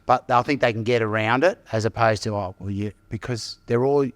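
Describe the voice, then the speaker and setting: A man's voice: mid-range voice, fairly even intonation, fairly quick, no echo. Male rugby coach in his fifties, interview guest, earnest and reflective, dry close recording. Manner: earnest and reflective, restarts his sentences, drops in "mate". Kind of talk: casual interview chat.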